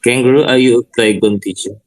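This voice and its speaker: A man co-hosting a live stream, speaking in halting, slightly broken English and repeating his questions. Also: mid-range voice, fairly even intonation, no room sound, low-quality recording. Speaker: stream co-host. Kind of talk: playful live-stream banter.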